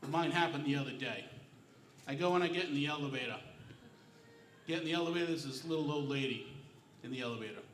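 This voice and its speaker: A middle-aged man doing a stand-up comedy set on a club stage, telling deadpan, self-mocking stories. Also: fairly high pitch, fast talker, echoey room, recorded from a distance, a little hiss or hum. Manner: deadpan storytelling, self-mocking one-liners.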